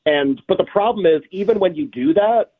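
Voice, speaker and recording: A man talks casually and rambles, piling on fillers and restarting his sentences. His voice is husky and comes through a narrow, tinny phone line. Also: high voice, lively intonation, normal speed. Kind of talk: casual chat.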